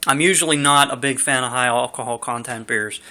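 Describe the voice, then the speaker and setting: A man's voice: medium pitch, a little fast, pushed and bright. A young man casually reviewing a beer at home, rambling and chatty with lots of fillers, recorded on a camera mic.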